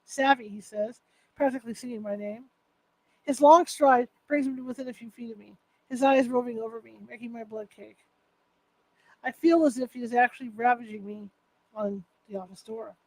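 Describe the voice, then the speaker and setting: A woman's voice: a little high, fairly even intonation, normal speed, no room sound, poor audio. A woman reading a first-person novel aloud, unpolished, with restarts and self-corrections. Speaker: author reading her novel.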